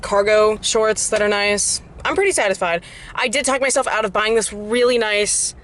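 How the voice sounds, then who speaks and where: A woman's voice: fairly high pitch, fairly bright tone, rough recording. Chatty, self-mocking woman vlogger in her twenties. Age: 20s. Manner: chatty and self-deprecating, loose and profane. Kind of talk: casual vlog chat.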